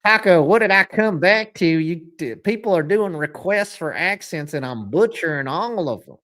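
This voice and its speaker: A man's voice: high voice, expressive, moderate pace, fairly bright tone. A man hosting a live football reaction stream, joking with chat and calling plays in a rambling, self-deprecating way. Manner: rambling, joking banter mixed with play-by-play. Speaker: stream host.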